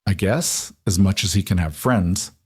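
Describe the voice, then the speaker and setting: A man's voice: sits low, measured pace, a little mellow, slightly rough. A man voicing an insecure adult husband who confesses hesitantly and apologetically in an audiobook.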